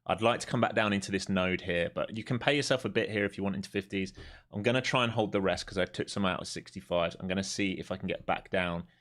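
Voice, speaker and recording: A man streaming live as a day trader, giving running commentary to viewers, dropping to mutters and then rising into excited bursts. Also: low voice, quick pace.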